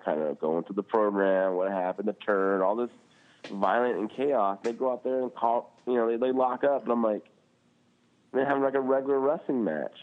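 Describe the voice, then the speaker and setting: A low-voiced man co-hosting a casual podcast, sounding squeezed and tinny as if over a phone line. He rants with heat, drops curses freely and leans on "like" between thoughts. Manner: animated, swearing, frequent "like" fillers. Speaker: podcast co-host. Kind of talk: casual chat.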